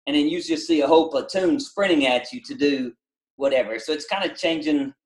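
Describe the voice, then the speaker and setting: A middle-aged man with a Southern country accent, a basketball coach and former drill instructor, talking in a casual podcast interview with many halting restarts. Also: fairly high pitch, echoey room, poor audio. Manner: halting, repeats words, many fillers.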